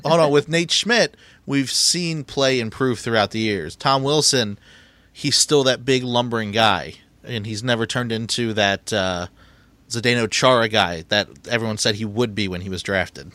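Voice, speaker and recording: A man's voice: medium pitch, normal speed, sharp tone, no echo. A man co-hosting a podcast in casual chat, giving blunt opinions. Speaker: podcast co-host.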